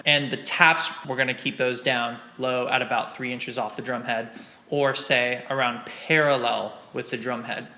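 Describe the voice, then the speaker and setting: A man's voice: mid-range voice, sharp tone, a little hiss or hum. A young man teaching a snare drum exercise, encouraging and counting and vocalizing the rhythms aloud. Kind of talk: drum lesson walkthrough. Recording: roomy, with drums and metronome playing.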